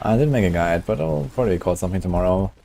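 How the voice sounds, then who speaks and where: A man's voice: sits low, expressive, very fast, creaky, warm tone, slight background noise. A man casually chatting and thinking aloud while he streams a game. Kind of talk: casual gameplay commentary.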